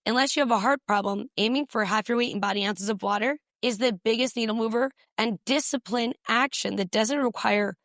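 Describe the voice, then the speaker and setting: A woman physician, a guest on a podcast, explaining health advice in brisk, numbered points. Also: a little high, gravelly, fairly bright tone, no room sound, studio quality. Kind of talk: podcast interview.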